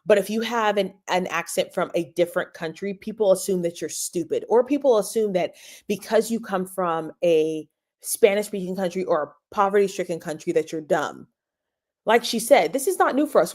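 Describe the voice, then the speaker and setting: Emphatic woman podcast host, mellow voice. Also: mid-range voice. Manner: emphatic, repeats points for stress. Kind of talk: opinionated commentary.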